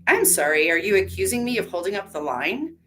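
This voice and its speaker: A woman's voice: medium pitch, big pitch swings, fairly quick, noisy background, lightly acted. A woman playing a furious, worn-out woman at breaking point. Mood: angry. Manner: clipped, bitter, rising to shouting. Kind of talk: live story reading.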